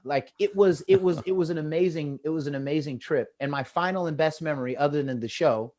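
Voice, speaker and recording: A man with an American accent telling lively stories in casual chat over a video call, acting out the quotes with a rising voice. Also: fairly high pitch, brisk. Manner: animated, acts out quotes with rising voice. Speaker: guest storyteller.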